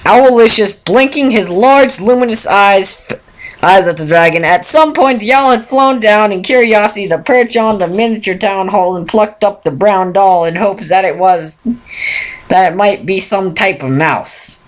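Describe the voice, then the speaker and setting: A woman's voice: mid-range voice, normal speed, rough recording. A woman reading a pony fan story aloud, unpolished, stumbling and restarting often. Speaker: fan fiction reader.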